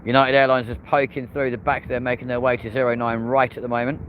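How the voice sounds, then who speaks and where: Man, live stream host, rooftop plane-spotting commentary, chatty and upbeat, muffled outdoor recording, clear traffic noise. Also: medium pitch, flat delivery, fast. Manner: chatty, banters with chat, cheers on landing planes. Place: hotel rooftop outdoors by an airport.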